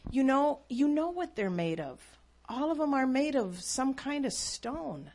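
Lady preaching, tells a story, earnest and emphatic, fairly high voice. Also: very animated, measured pace, darkish tone. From United States. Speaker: speaker. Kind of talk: storytelling sermon.

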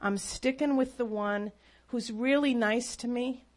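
A woman's voice: on the high side, a little slow. A woman telling a faith story as a sermon, earnest and emphatic. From United States. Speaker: speaker.

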